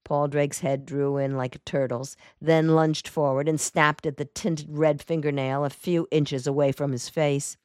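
A woman reading a detective novel aloud in a measured, even storytelling manner. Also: low-pitched, no room sound, studio quality. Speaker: audiobook narrator. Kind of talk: scripted narration.

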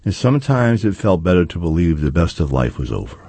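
A man reading a story aloud at a measured, steady pace, saying "quote" and "end quote" around each line of dialogue. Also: deep voice, slightly rough, no room sound. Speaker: narrator. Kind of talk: audiobook reading.

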